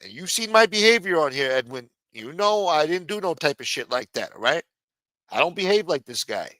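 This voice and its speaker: This recording is rough and echo-free. A man with a slightly high, sing-song voice, pushed and bright and brisk, co-hosts a livestream and angrily tells off a viewer, swearing heavily.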